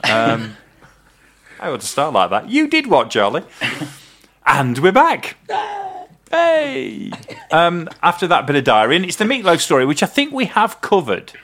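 A man's voice: on the high side, big pitch swings, normal speed, a bit bright. A man hosting a podcast in a chatty, teasing, digressive way. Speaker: podcast host. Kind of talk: casual podcast chat.

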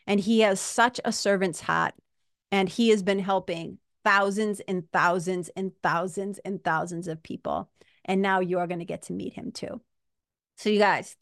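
Woman, solo podcast host, upbeat and gushing, repeats herself; mid-pitched, dry close recording. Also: no echo. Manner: upbeat, effusive, repeats phrases, addresses listeners as "you guys". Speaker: podcast host and IBS hypnotist.

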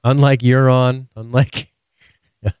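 A man's voice: medium pitch, little pitch movement, takes it slowly, a little mellow, smooth, no room sound, studio quality. A man co-hosting a podcast, recapping a TV episode in casual chat, swearing freely and laughing often. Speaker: podcast co-host.

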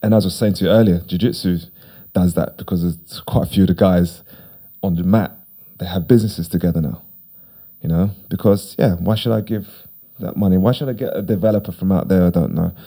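A man's voice: low voice, brisk, dark tone. A middle-aged man, a podcast guest talking casually, rambling and repeating himself with emphasis. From United Kingdom. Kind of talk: casual conversation.

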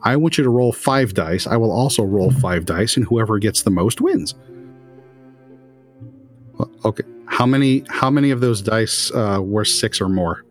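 A man's voice: fairly low pitch, moderate pace, faint music behind. A man narrating a tabletop role-playing game as game master, casual and rambling.

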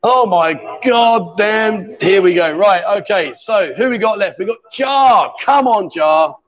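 Joking middle-aged man hosting, high voice. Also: animated, a little slow, a bit bright, lo-fi sound. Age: 50s. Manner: joking, teasing banter. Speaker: livestream host. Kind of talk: casual chat. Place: busy bar with music. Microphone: handheld microphone.

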